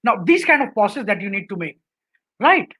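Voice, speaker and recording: In a low-quality recording, a woman with an Indian English accent gives a webinar lecture on public speaking in a mid-range, somewhat bright voice with a breathy edge, very animated and at a moderate pace. She instructs through numbered points and keeps tagging sentences with "right?"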